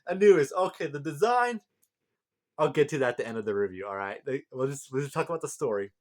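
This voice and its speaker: A man's voice: medium pitch, very animated, fast. A man giving a casual, rambling breakdown of a manga chapter, reading out lines and often laughing. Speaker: manga reviewer.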